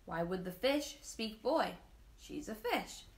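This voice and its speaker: A woman voicing a calm, polite talking tree in a storybook read-aloud, explaining things patiently. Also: medium pitch, slow pace. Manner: patient, matter-of-fact explaining.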